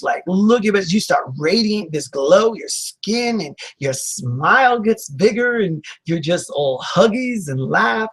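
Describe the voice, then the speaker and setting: A man's voice: on the high side, gravelly, breathy edge, poor audio. A man, a talk radio host, giving a chatty motivational self-help talk with lots of fillers and acted-out reactions. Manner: chatty, acts out quoted reactions, many fillers.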